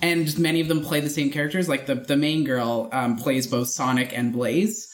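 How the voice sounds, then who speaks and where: A woman's voice: extremely low pitch, fairly even intonation, normal speed. A woman co-hosting a podcast in casual chat, rambling with many fillers and restarts, keen on voice acting. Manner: hesitant, filler-heavy rambling; enthusiastic about voice acting. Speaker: podcast co-host.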